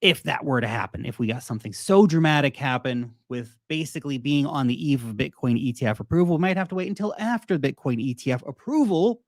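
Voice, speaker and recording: Australian male host, animated and jokey market chat, average pitch, dry close-miked sound. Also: quick pace, hardly any pauses, dry recording. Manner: animated, joking, mocks investors in put-on voices. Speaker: crypto video host. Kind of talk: casual market commentary.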